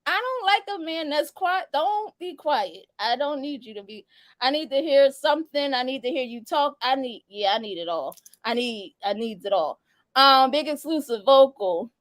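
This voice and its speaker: A woman's voice: high voice, animated, moderate pace, dry recording. A young adult woman hosting a casual live-stream chat, laughing and teasing as she reads viewer answers. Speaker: host.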